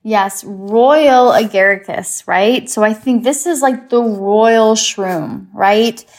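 Her voice sits fairly high and moves at a slow pace. She's an English-born guest expert chatting casually, keeping her explanations upbeat and breezy and offering easy memory tricks.

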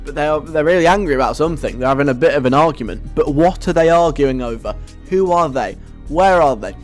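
A man's voice: on the high side, expressive, fast talker, soft background music. A man hosting a radio show in a playful, rambling way, chuckling as he goes. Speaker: radio host. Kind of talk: casual radio chat.

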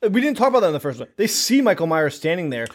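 A man's voice: on the high side, sing-song, rapid-fire. Wry young man on a podcast. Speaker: podcast co-host. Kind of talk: casual comedic chat.

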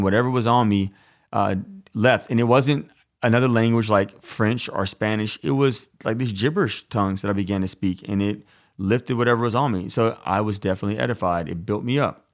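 A man's voice: fairly low pitch, fast talker. A man, a Catholic preacher, giving a casual teaching talk with personal stories, speaking conversationally and often saying "like" and "right". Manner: conversational, relaxed, frequent "like" and "right".

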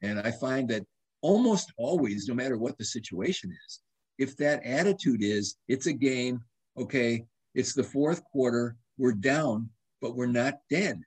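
A husky older man in his seventies talks casually as a guest doctor. He tells lively stories, restarts his sentences and quotes himself as he goes. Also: medium pitch, unhurried. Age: 70s. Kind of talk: casual interview conversation.

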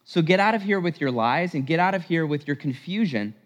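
Preacher voicing a bold man giving a forceful rebuke; a bit high, with hall reverb. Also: animated, brisk, natural voice. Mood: commanding. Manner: forceful, commanding. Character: bold man ordering an intruder out. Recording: long church reverb.

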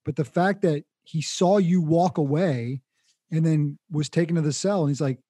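A man's voice: fairly high pitch, normal speed, dark tone, no echo. A male interviewer who reflects on and sums up his guest's story before asking what came next. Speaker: interviewer host. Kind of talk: interview questions.

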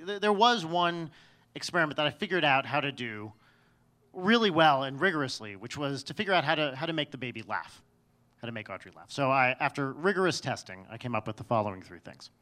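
A man's voice: a little high, expressive, moderate pace, bright, forceful tone. A man telling a personal story on stage in a wry, self-mocking way, often restarting his sentences.

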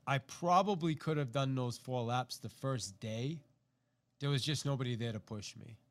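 A man's voice: medium pitch, normal speed. A middle-aged man, a podcast host, telling a personal story to listeners and acting out the quotes. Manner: animated, acts out quotes, repeats himself.

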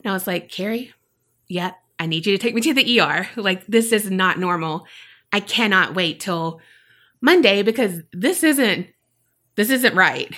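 A woman's voice: medium pitch, lively intonation, normal speed, fairly bright tone. A woman, telling a personal story on a podcast and acting out her own past remarks. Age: 30s. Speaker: podcast co-host. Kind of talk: casual storytelling chat.

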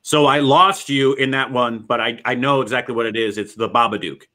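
Bright-voiced hesitant man. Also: medium pitch, a little fast. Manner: hesitant, lots of restarts, friendly. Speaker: co-host. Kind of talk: casual chat and trivia.

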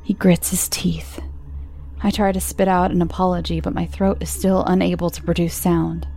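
A woman with a low, gravelly voice narrating a first-person horror story in hushed, tense tones. Soft music plays faintly beneath her reading. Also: flat delivery, moderate pace.

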